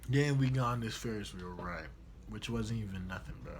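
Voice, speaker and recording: A young man vlogging, retelling a trip in slangy, animated casual storytelling. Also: lowish voice, normal speed, noisy background.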